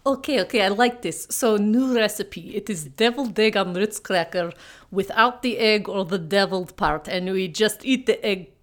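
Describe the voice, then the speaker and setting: A woman's voice: mid-range voice, moderate pace, natural voice. A woman putting on an exaggerated fake Russian accent for a comedy bit, speaking in broken grammar with dropped articles. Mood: playful. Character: woman hamming up a mock Russian cook.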